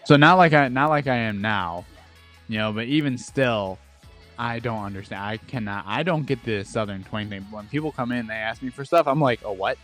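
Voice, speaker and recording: A man's voice: medium pitch, normal speed, a bit bright, soft background music. A young man from Syracuse, New York, co-hosting a casual podcast chat, rambling and often restarting his phrases. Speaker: podcast co-host.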